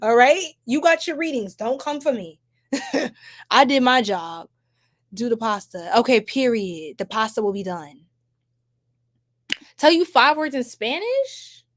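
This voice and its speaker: A young New York woman with a New York accent hosts a tarot-reading livestream, chatting casually and animatedly with her audience in slangy talk full of laughter. Her fairly high voice swings widely in pitch, moving a little slowly with long pauses.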